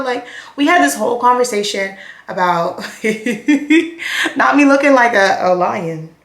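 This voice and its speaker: A young woman chats through a messy storytime while putting on her makeup. She talks in a lively, animated way and acts out everyone's lines. The sound bounces around an echoey room. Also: fairly high pitch, unhurried, creaky. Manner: chatty, animated, acts out quotes. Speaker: vlogger.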